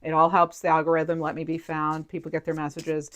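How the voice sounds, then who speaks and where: A woman with a low voice reads tarot cards for her viewers in a loose, chatty way. She thinks aloud, circles back with fillers, and lets her feelings show. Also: monotone, a little fast. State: near tears at moments. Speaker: tarot reader. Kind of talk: intuitive tarot reading to camera.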